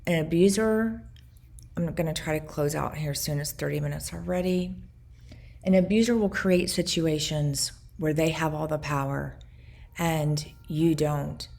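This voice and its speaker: A woman in her forties speaking in a personal video journal, earnest and reflective, in short halting phrases. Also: low-pitched, creaky, darkish tone. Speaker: vlogger recounting her past.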